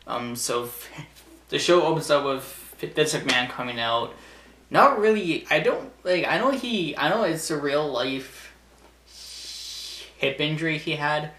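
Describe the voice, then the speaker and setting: A man's voice: on the high side, expressive, a little slow, fairly bright tone, a little hiss or hum. A young man casually recapping a wrestling show, rambling, laughing often and acting out the wrestlers' lines. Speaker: wrestling vlogger. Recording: echoey room.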